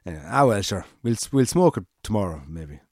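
A man's voice: lowish voice, very animated, quick pace, darkish tone, dry recording, studio quality. A man with an Irish accent telling a long, rambling anecdote in casual chat, acting out the quoted lines and swearing freely.

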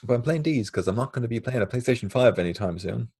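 A man's voice: mid-range voice, animated, fast, darkish tone, slightly rough, dry recording, clean studio sound. A man co-hosting a podcast, chatting casually in a rambling, laid-back way. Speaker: podcast co-host. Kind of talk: casual chat.

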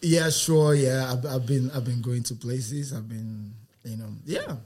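A man's voice: mid-range voice, unhurried, a little mellow, slightly rough. A man, a comedian guest in a casual podcast chat, joking and laughing often.

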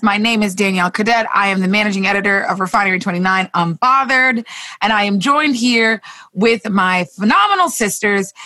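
A woman hosting a casual podcast roundtable, animated and joking with her guests. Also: on the high side. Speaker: podcast host.

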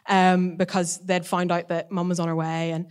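A young adult woman giving a casual spoken testimony as a guest, a lively storyteller who talks at length. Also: fairly low pitch, normal speed, clear, resonant tone.

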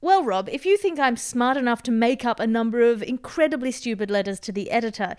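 A woman hosting a comedic news podcast, quick-witted and laughing often. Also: a little high, clean tone. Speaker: podcast host.

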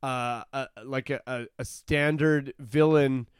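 A man in his forties co-hosting a casual comedy podcast, riffing excitedly with swearing. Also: mid-range voice, slow, clean tone, no echo. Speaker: podcast co-host.

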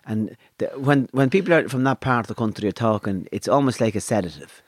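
An Irish man hosting a casual chat, telling profane, lively stories and mimicking voices. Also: medium pitch, brisk, dry recording.

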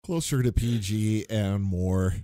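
A man co-hosting a podcast in casual chat, laid-back and quick to laugh. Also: on the low side, warm tone, dry recording. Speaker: podcast co-host.

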